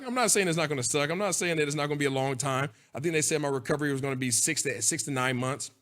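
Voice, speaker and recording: A man's voice: fairly high pitch, fast, a bit bright. Earnest man telling his own story. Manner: earnest, repetitive, rhetorical "right?" tags. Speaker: host. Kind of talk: personal storytelling monologue.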